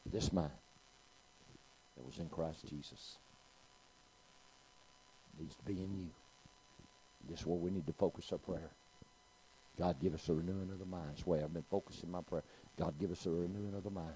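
A man's voice: sits low, fairly even intonation, moderate pace, long pauses, mellow, a little hiss or hum, rough recording. A middle-aged man, preaching a sermon and telling a story, calling out to his congregation. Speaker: pastor.

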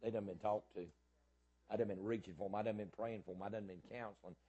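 Middle-aged male pastor, husky low voice, fiery repetitive sermon delivery. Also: steady tone, fast talker, highs cut off. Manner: fiery, emphatic preaching with loud rises and repetition.

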